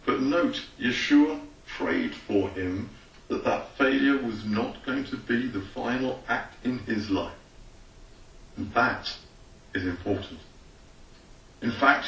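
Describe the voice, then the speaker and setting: Preaching rabbi in an echoey room. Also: male voice, medium pitch, distant mic. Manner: reads scripture aloud, then preaches with lively acted-out voices. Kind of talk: sermon. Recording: roomy echo from away from the mic.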